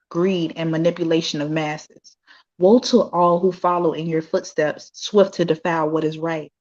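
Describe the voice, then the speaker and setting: Woman with a real low voice reading her poems, slow and solemn, muffled lo-fi call audio. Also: a little mellow. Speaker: guest poet.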